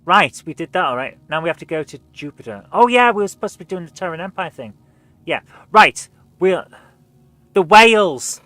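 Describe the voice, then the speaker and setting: A woman's voice: lowish voice, expressive, moderate pace, a bit bright, no room sound. Chatty woman streamer thinking aloud. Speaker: streamer and show host. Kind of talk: casual live gameplay stream talk.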